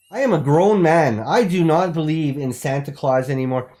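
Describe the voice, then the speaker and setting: A man's voice: on the high side, normal speed, hardly any pauses, a little mellow. A man hosting a comedic call-in talk show with a theatrical, exaggerated announcer delivery.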